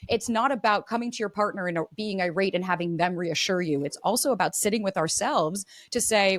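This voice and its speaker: A woman's voice: medium pitch, brisk, no room sound. A woman relationship coach, a podcast guest, explaining earnestly and acting out example dialogue. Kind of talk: explanatory interview talk.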